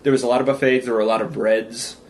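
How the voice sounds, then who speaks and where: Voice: mid-range voice, fairly even intonation, fast. Easygoing rambling podcast co-host. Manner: easygoing, agreeable, rambling explainer. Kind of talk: casual chat.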